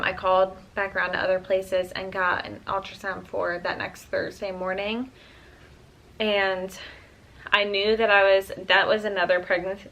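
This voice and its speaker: A woman's voice: mid-range voice, fairly bright tone, poor audio. A woman in her twenties, a vlogger, telling a personal story in a casual, chatty way, with plenty of "um" and "like". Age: 20s. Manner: chatty, full of "um" and "like".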